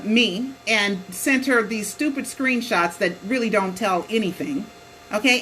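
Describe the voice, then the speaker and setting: A woman with a bright, somewhat high voice talks straight to her viewers in a heated, colloquial rant. She presses each point hard and keeps tossing in "Okay?" and "y'all" as she goes. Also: slight background noise, poor audio. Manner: emphatic, repeatedly asking "Okay?". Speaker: vlogger. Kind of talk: ranting commentary to camera.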